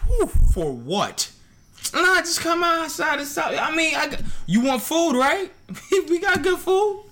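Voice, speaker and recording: A man's voice: extremely high pitch, very animated, a little slow, pushed and bright, slight background noise. A man in casual podcast chat who laughs a lot and mocks people by putting on their voices. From New York.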